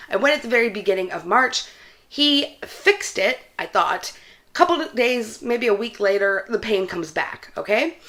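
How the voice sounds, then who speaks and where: A woman book vlogger chatting casually to her viewers, telling a story in an animated way and laughing between phrases. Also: fairly high pitch. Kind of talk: casual vlog chat.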